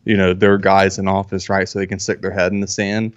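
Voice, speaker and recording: Male podcast co-host, low and smooth, opinionated and casual, dry dull lo-fi recording. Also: monotone, fast, no room sound. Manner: opinionated, loose, filler-heavy. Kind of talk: casual chat. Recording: dull lo-fi audio.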